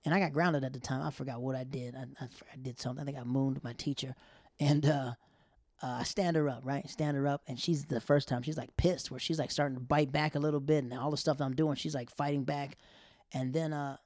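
A man's voice: medium pitch, fairly quick, no room sound, clean studio sound. A man telling a story in casual, rambling talk, acting out what people said. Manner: rambling, animated, acts out quotes.

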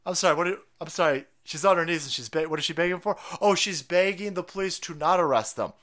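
A man's voice: a little high, fast talker, a bit bright. A man giving sarcastic, foul-mouthed live-stream commentary in a mocking, ranting manner.

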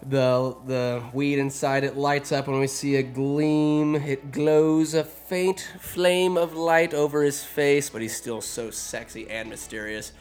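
A man recapping a fantasy film in casual, sarcastic commentary, animated and quick to put on voices for the characters. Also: medium pitch, faint music behind. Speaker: movie recapper. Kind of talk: casual comedic movie recap. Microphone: phone or desk mic, recording alone.

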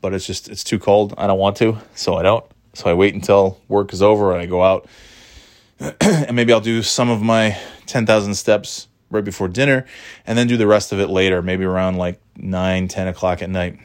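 A man's voice: fairly low pitch, steady tone, moderate pace. Wry man telling a rambling story. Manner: rambling, wry, self-deprecating. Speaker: vlogger. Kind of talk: casual storytelling.

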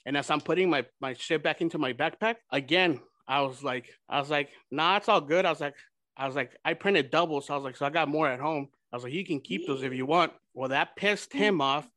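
A young man with a bright, somewhat high voice that has a forceful edge. He spins a crude, animated story, mixing English and Spanish and acting out each exchange. The sound is close and dry, with no room around it. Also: brisk, no echo. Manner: profane, animated retelling with quoted dialogue. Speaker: podcast host.

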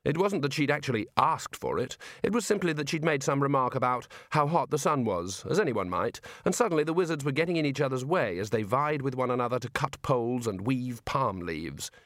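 A man reading a story aloud with expressive, measured narration. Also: medium pitch, no room sound, clean studio sound. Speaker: audiobook reader. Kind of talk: scripted narration.

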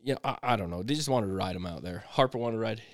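A middle-aged man co-hosting a podcast, telling a rambling, animated story in casual chat, full of restarts and sound effects, on a close mic. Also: fairly low pitch, very fast, dry recording. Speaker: podcast co-host.

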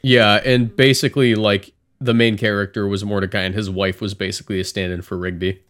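A man's voice: on the low side, level tone, fairly quick, fairly bright tone. A man co-hosting a podcast, telling a long rambling story in casual chat and acting out the characters' lines. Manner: rambling storyteller, acts out cartoon voices. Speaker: podcast co-host.

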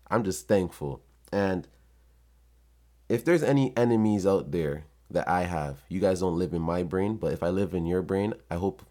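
A man's voice: deep voice, dark tone. A man talking in a casual, heartfelt vlog monologue, earnest and emotional, swearing often as he reflects. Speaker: vlogger.

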